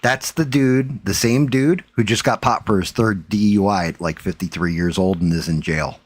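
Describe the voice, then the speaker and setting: Low voiced streamer guy, swearing a lot while telling a story, dry sound. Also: normal speed, husky, dry recording. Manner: profane, animated storyteller acting out quotes. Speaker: streamer host. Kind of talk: casual storytelling chat.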